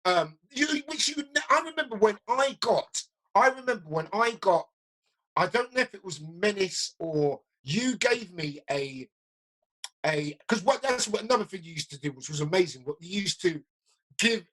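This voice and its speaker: A man's voice: sits high, normal speed, poor audio. A middle-aged man, telling stories in a casual chat and acting out what people said, often repeating his words. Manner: lively storyteller, acts out quotes, repeats himself. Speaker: interviewer, DJ. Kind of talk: casual conversation.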